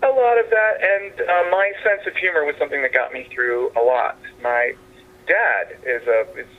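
A man who is a playwright and actor, speaking as a guest in a phoned-in interview from a house, halting and meandering, with restarts. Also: a little high. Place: at his father's house. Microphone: telephone. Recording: tinny phone line.

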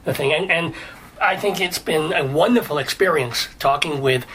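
Guy doing a joking rabbi talk host, high bright husky voice, deadpan and stammery. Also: normal speed, a little hiss or hum, lightly acted. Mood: wrapping up. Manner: deadpan, jokey and flirty, stammering restarts. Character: joking middle-aged male rabbi talk-show host. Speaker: interviewer.

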